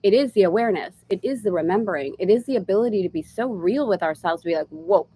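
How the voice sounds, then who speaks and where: A woman's voice: medium pitch, lively intonation, fast, husky, low-quality recording. A woman leading a live online spiritual lesson, chatting casually with viewers between readings. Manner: warm chatty asides, breaks into laughter. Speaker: spiritual course teacher. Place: travelling in Greece, indoors.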